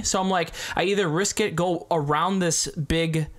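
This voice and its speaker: A man's voice: sits high, a little slow, hardly any pauses. A young man co-hosting a podcast, telling a story in casual chat full of slang. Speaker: podcast co-host.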